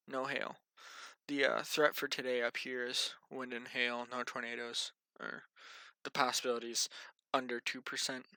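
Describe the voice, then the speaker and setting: A man's voice: medium pitch, creaky, sharp tone, clean tone, no room sound. A tired, yawning man giving a casual, rambling weather briefing and muttering to himself as he thinks aloud. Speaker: amateur weather vlogger.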